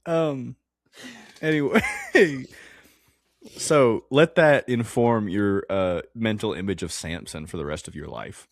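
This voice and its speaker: A man's voice: sits low, lively intonation, normal speed, hardly any pauses, no echo, clean studio sound. A man co-hosting a casual Bible-study podcast. He rambles, stops to restart his sentences, and breaks into laughter often. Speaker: podcast co-host.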